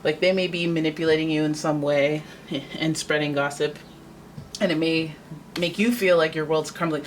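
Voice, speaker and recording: Woman tarot reader, low voice, chatty and theatrical, faint hiss behind. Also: fairly even intonation, moderate pace, low-quality recording. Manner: chatty, dramatic, acts out quoted voices. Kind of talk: casual tarot reading.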